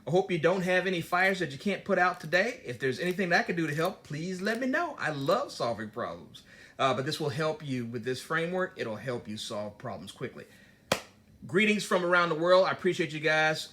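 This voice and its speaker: A man's voice: fairly high pitch, brisk. A man hosting his own channel, telling a workplace story in a casual motivational talk and acting out the dialogue as he goes. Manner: storytelling, animated, digresses and acts out dialogue. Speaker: host giving business advice.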